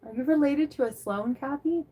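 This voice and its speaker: A woman's voice: high voice, moderate pace, dark tone. Chatty woman livestreamer answering viewers. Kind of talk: casual chat reading live comments.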